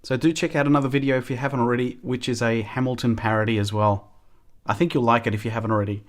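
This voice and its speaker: A man's voice: mid-range voice, fairly even intonation, quick pace. A man hosting a game livestream, chatting casually to viewers, reading out their names and apologizing for slips. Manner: chatty, apologetic, addresses chat viewers by name. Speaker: livestream host.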